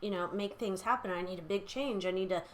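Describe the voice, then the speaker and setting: A woman's voice: mid-range voice, quick pace. Chatty, blunt woman reading tarot. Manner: chatty, blunt, swears freely, lots of fillers. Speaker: tarot reader. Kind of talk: casual chat during a tarot reading.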